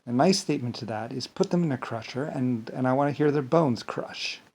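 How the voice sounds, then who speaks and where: A man's voice: mid-range voice, fairly quick, darkish tone. Man ranting and rambling. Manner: angry, rambling, repeats "blah, blah" and swears; stumbles and restarts words. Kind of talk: monologue rant to camera.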